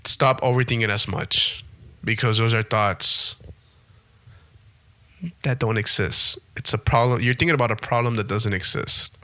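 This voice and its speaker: A man's voice: mid-range voice, unhurried, pauses often, bright, forceful tone. A young man hosting a podcast in a casual monologue, emphatic and repetitive, swearing freely. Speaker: podcast host.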